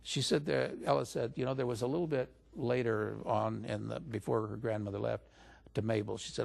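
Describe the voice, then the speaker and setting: A man recounting a personal story in a relaxed interview. His voice is strongly gravelly with a husky edge, and it rises into animated quoting whenever he speaks for others. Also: medium pitch, a little fast. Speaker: interview guest recounting stories.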